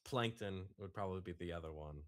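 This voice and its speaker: A man, a guest voice impressionist, chatting casually in a relaxed, self-deprecating way. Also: low voice, a little fast. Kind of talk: casual chat.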